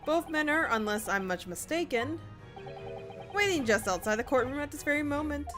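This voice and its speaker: A courteous, earnest young woman from a game, speaking in careful, formal phrases, read by a woman streamer. Her voice is rather high and lively. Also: moderate pace, over music.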